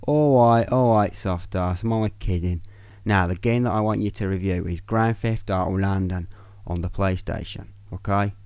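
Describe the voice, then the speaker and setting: A man's voice: low-pitched, moderate pace, darkish tone, clear, resonant tone, dry recording. A man putting on a rude mock-Cockney prank caller. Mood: taunting. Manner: insulting, mocking banter.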